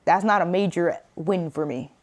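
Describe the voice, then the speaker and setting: Slangy New York woman streamer, low voice. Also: normal speed, a crowd in the background. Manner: animated, slangy, laughs between points, jumps into high-pitched asides. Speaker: reaction streamer. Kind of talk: casual reaction commentary.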